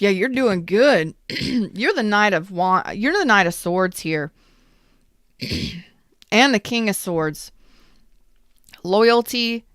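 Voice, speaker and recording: A woman's voice: mid-range voice, fairly bright tone, no echo, clean studio sound. A woman giving a live tarot reading in a chatty, blunt way, greeting viewers as she goes. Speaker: tarot reader.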